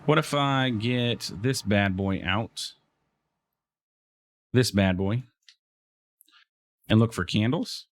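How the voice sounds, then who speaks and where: A man's voice: on the low side, takes it slowly, pauses often. A man casually commentating his own gameplay, chatting to the creatures on screen and trailing off into fillers and restarts. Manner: chatty, talks to game mobs, frequent fillers and restarts. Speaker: let's play host.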